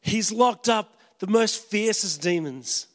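A male preacher telling a dramatic sermon story, swinging from hushed passages to shouting. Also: high voice, expressive, slow pace, in a large hall.

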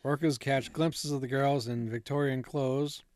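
A man's voice: medium pitch, fairly even intonation, a little slow, crowd noise. A man co-hosting a casual chat, reading out ghost stories from notes in a laid-back way, with fillers and asides. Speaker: podcast co-host.

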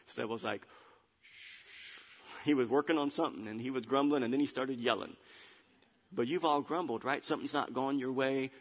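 A pastor preaching a sermon, animated, reading scripture and acting out a muttering crowd. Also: male voice, mid-range voice. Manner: animated, acts out grumbling crowd with muttered asides. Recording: long hall reverb.

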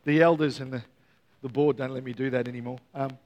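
A man's voice: medium pitch, steady tone, fast, darkish tone, highs cut off. A man preaching a Christmas Eve sermon, earnest and repeating key words, with playful joking asides to the congregation. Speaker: pastor.

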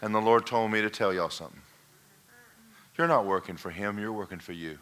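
A man preaching a sermon, telling a story with lively swings between loud declarations and whispered asides. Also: lowish voice, a little fast. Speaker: pastor.

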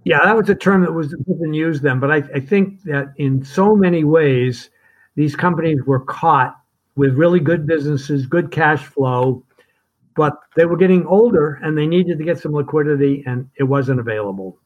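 An older man, co-founder of a firm, looking back in a conversation, reflective and halting, with restarts and chuckles. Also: a little high, highs cut off. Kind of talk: reminiscing conversation.

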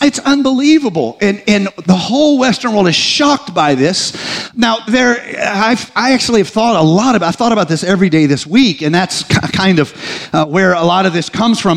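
High-voiced man joking with a crowd. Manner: conversational, joking asides, frequent restarts. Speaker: speaker addressing an audience. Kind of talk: humorous live talk.

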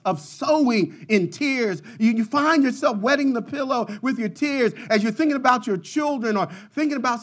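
This preacher's sermon moves between hushed, low stretches and shouted high points, with phrases repeated in rhythmic runs.

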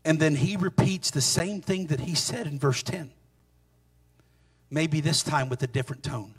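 A man preaching a sermon in an animated, sing-song way, with sudden loud peaks. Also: a little high, moderate pace, breathy edge.

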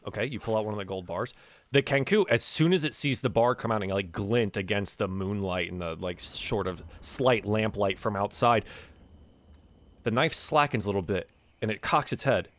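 A man narrating as game master of a tabletop game, telling the scene in a lively storytelling way with fillers and restarts. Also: lowish voice, normal speed, no echo.

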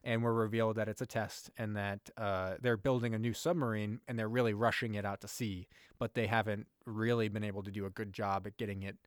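A man's voice: on the low side, flat delivery, brisk, no echo, clean studio sound. A man co-hosting a casual podcast recap of a movie, rambling and joking, acting out characters as he retells scenes. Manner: rambling, jokey, acts out characters in quotes. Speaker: podcast co-host.

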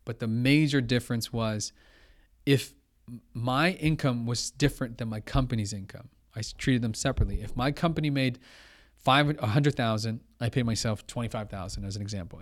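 A young man, a podcast guest, telling a story in casual chat, animated and acting out what others said. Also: mid-range voice, a little fast. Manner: animated, quotes others, says blah blah.

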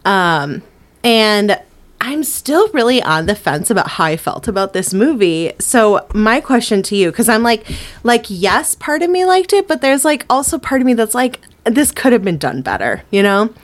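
A woman's voice: fairly high pitch, normal speed. A woman co-hosting a movie podcast, talking casually with lots of fillers and frequent laughter. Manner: animated, giggly, lots of fillers. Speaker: podcast co-host.

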